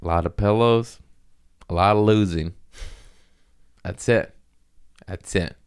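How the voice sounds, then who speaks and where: A man's voice: on the low side, slow, clean tone. A man hosting a comedy podcast, rambling through a casual, profane monologue and laughing at his own jokes.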